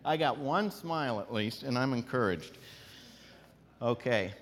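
A man's voice: medium pitch, measured pace. Man teaching in a reverberant hall. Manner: animated, demonstrates tones by singing out long vowels. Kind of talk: classroom lesson.

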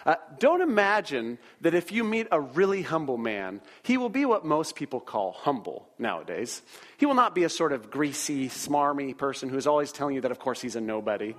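A male pastor delivers a sermon in a warm-hearted, conversational way, pausing to restart his sentences and pressing his listeners with rhetorical questions. His pitch rises and falls a lot as he talks. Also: sing-song.

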